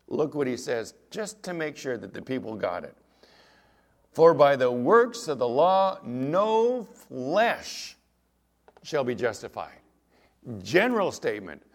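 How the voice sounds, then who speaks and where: A man preaching a sermon as pastor, emphatic, with rhetorical questions to the congregation. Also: medium pitch.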